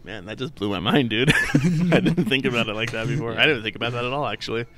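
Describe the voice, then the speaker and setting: A man's voice: medium pitch, fast, a crowd in the background. Young man chatting on a podcast. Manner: laughs often, animated storytelling with quoted voices. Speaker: podcast co-host. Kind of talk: casual chat.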